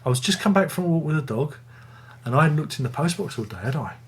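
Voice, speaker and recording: A man's voice: on the high side, animated, quick pace, breathy edge. A man hosting a casual music review video, rambling and joking at his own expense. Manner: rambling, jokey, self-mocking.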